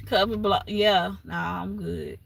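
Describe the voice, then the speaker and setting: A woman's voice: medium pitch, fairly even intonation, slow pace, vocal fry. A woman, rambling in a casual livestream chat and laughing often.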